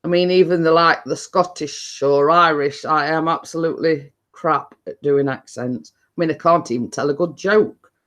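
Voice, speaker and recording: A middle-aged woman with a low voice hosts a live stream, reading out chat names at a normal speed with fairly even intonation and few pauses. She chats casually, laughs frequently, and fumbles and restarts her sentences.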